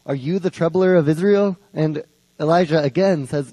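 A man's voice: on the high side, normal speed, mellow, no room sound, rough recording. A man retelling a Bible story in a casual, conversational way, often restarting and repeating words.

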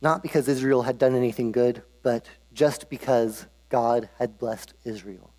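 A man's voice: medium pitch, steady tone, measured pace, darkish tone. A man preaching in a casual, humorous storytelling way, with frequent restarts, in a hall with a long echo. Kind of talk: casual Bible storytelling sermon.

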